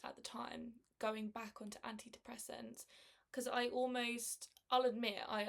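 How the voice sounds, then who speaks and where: A young woman speaking candidly about her own experience, halting and emotional, with frequent restarts. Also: on the high side, fairly bright tone. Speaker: person sharing her experience of living with MS. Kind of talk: candid personal testimony.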